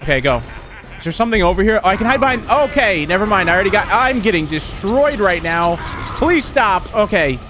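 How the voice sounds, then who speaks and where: A man with a high, bouncy voice that leaps all over the place, yelping and chattering through a horror game as he plays. He reacts fast and laughs a lot. A steady hiss of noise sits under the recording. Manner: excitable, jumpy, laughs often, quick exclamations. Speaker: gaming commentator. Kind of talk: horror game let's play commentary.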